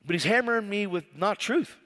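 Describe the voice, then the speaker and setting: A man's voice: lively intonation, brisk. Fervent preacher man in a reverberant hall. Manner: fervent, swings from loud cries to quiet low asides. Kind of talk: sermon with scripture reading and stories.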